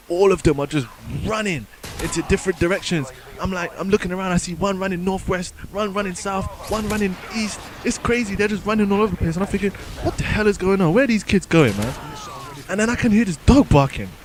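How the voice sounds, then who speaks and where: A man's voice: medium pitch, slight background noise, poor audio. A young man telling a casual story to his viewers, laid-back and slangy, tagging "man" onto his phrases and voicing other people in his tale. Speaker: gaming channel host.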